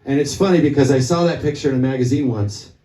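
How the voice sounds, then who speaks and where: A male musician onstage at a small club fires off a loose, profanity-laced story to the crowd between songs, talking fast in a mid-range voice that's dark and mellow. He's some distance from the mic, and echo surrounds each word.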